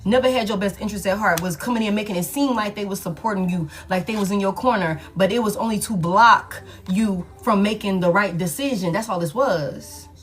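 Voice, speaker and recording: A woman's voice: mid-range voice, brisk, few pauses, faint music behind. A woman giving a collective love tarot reading, talking emphatically and bluntly, repeating her points and swearing often. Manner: emphatic, repetitive and blunt, with frequent profanity. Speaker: tarot reader.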